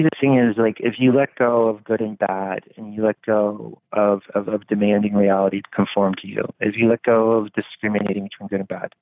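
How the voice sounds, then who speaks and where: This man muses at length in a casual chat, full of "like" and other fillers, swearing often as he rambles philosophically. His pitch sits in an ordinary middle range, and the dry recording sounds thin and phone-like, with no room around it.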